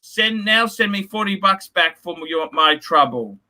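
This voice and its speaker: A man's voice: high-pitched, expressive, a little slow, sharp tone. A man hosting a casual livestream, reading donations and ranting bluntly with lots of swearing. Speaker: livestream host.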